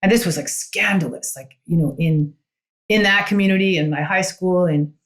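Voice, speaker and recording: A woman's voice: on the low side, moderate pace. A woman guest on a podcast, a coach, telling her story in an earnest, reflective way with frequent "you know" asides. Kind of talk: conversational storytelling.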